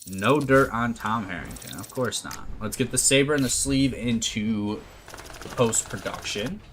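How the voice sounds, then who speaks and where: A gameplay commentator does a let's play of a management game, reading its text aloud and adding wry asides in a casual way. His voice sits at medium pitch, expressive and unhurried, with a fairly bright tone. Faint noise and clicks run through the recording.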